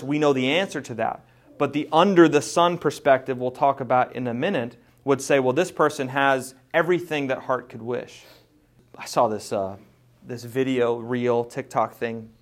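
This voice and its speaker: A man preaching a sermon in an animated, conversational way, acting out voices as he teaches. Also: on the high side. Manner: animated, mimics voices, laughs.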